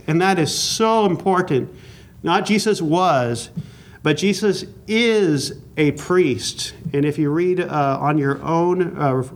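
Earnest man teaching a Bible lesson. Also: on the high side. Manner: earnest, emphatic, slows down to stress key words. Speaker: pastor teaching a class. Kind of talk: sermon-style Bible teaching.

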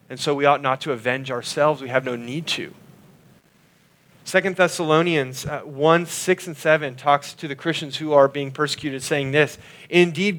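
A man preaching a sermon, earnestly expounding scripture and slowing down and dropping his voice on key lines. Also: on the high side, fairly bright tone. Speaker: pastor.

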